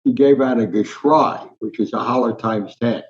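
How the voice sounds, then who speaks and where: A male sports columnist in his 90s from Newark, New Jersey, appears as an interview guest telling family stories, animated and anecdotal, acting out the voices. His voice is medium-pitched at a normal speed, and the sound is lo-fi.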